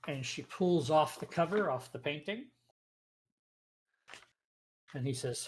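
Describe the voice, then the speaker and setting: A man's voice: on the high side, lively intonation, takes it slowly, pauses often. A man running a tabletop role-playing game as game master, narrating scenes and explaining rules plainly.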